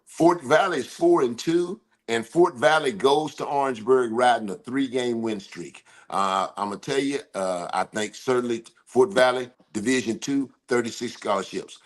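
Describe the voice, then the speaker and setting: An older man hosting a casual sports talk show, loud and joking, drawling his football banter. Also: medium pitch, moderate pace, few pauses. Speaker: host, former football coach.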